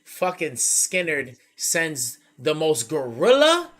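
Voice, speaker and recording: A male streamer hosting a casual chat, telling a story in a profane, animated way. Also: on the high side, takes it slowly. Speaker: streamer host.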